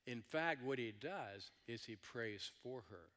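Joking pastor in a reverberant hall. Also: male voice, mid-range voice, expressive, a little slow, fairly bright tone. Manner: joking asides to the congregation. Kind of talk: sermon.

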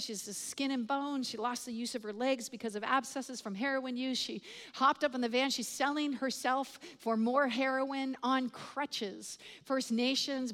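High-pitched woman preacher, acts out every voice in her story, big echoey hall. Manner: animated storyteller acting out dialogue. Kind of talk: sermon storytelling. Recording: long hall reverb.

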